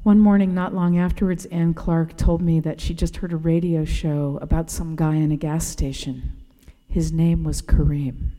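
A woman reading a personal essay aloud in a gentle, reflective storytelling way. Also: sits low, level tone, normal speed, in a large hall. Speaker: narrator.

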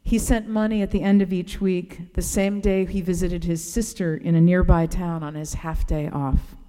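A woman reading a personal essay aloud in a gentle, reflective storytelling way. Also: on the low side, fairly even intonation, normal speed, clean tone, long reverb tail. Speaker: narrator.

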